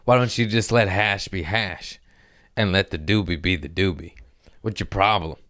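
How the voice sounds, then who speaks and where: In a podcast room with studio-quality sound and no room echo, a young male host chats casually in a rambling, profane, joking manner. His voice is deep with a fairly bright tone, at a moderate pace.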